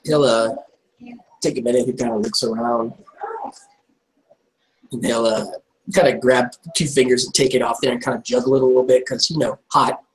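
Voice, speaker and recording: A man's voice: mid-range voice, steady tone, moderate pace, pauses often, poor audio. A man narrating a tabletop game in a rambling, casual way with many fillers.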